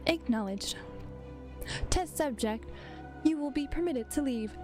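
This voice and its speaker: A woman's voice: sits high, animated, unhurried, over music. A woman voicing a cold, formal computer AI overseer, speaking in clipped, formal phrases.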